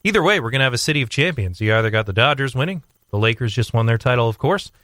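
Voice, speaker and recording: A young man talking sports on a radio show, rambling with fillers and restarts as he tells a story with growing excitement. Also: medium pitch, rapid-fire, no room sound, clean studio sound. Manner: animated storytelling. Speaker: sports commentator guest. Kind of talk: casual radio sports chat.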